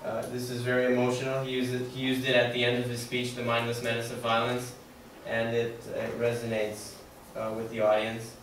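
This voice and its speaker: A young man gives a class presentation in a flat, even voice, pausing often with fillers. He sounds distant from the mic. The room rings with heavy echo and a faint hiss behind him. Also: medium pitch. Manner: hesitant, many fillers. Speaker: student presenter. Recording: echoey room from far off, faint noise.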